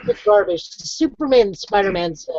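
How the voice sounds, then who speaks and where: A woman's voice: medium pitch, sing-song, a little fast, gravelly, heavy background noise. A woman co-hosting a gaming podcast, giving blunt, opinionated remarks in casual chat. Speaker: podcast co-host. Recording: dry muffled lo-fi podcast audio.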